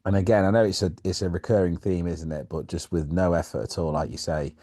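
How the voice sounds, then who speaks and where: Casting: deep, mellow-toned man, relaxed podcast co-host, dry close mic. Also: fast, no room sound. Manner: chatty, laughs often, trails off with fillers. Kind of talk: casual chat reviewing a sitcom episode.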